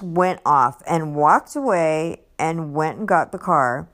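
Telling a personal story at a measured pace with few pauses, an animated woman rambles casually, using lots of fillers and restarts. When she voices what others said, she raises her pitch.

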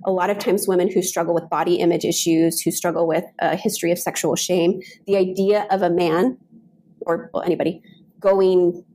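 A woman's voice: fairly low pitch, brisk, low-quality recording. A woman guest author in a podcast interview, talking earnestly and telling stories from her work. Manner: earnest, storytelling, animated quoting.

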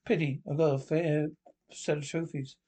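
An actor playing a lecherous middle-aged expedition leader, speaking in a leering, suggestive way in a 1970s film comedy. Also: male voice, fairly high pitch, flat delivery, moderate pace, warm tone, husky.

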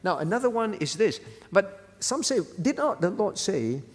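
A high-pitched male voice with big pitch swings moves at a moderate pace through a large hall. He's a pastor at a church-hall prayer meeting, preaching conversationally and often asking the congregation "all right?".

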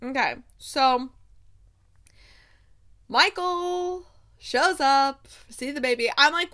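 A young woman casually recapping a TV season, retelling scenes with animated asides and quoting characters in a softer voice. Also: high-pitched, slow, long pauses. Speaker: podcast host recapping a TV show. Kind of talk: casual chat.

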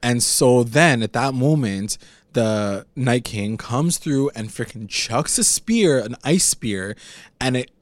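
A man's voice: medium pitch, expressive, slow pace, no echo. A man in casual chat, recapping a TV episode, swearing often and filling his talk with "like". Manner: emotional, swears often, heavy use of "like".

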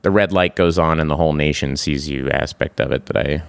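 A man in his forties, a guest in a casual interview, talking in a halting way with many restarts and laughs. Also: rumbling low, creaky, clear, resonant tone, no echo. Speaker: guest, actor and creator.

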